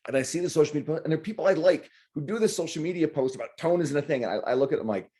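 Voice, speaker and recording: A man's voice: fairly high pitch, expressive, very fast, few pauses, dark tone. A man hosting a podcast, talking bluntly and with animation, swearing freely as he makes his point. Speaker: podcast host. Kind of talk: casual podcast chat.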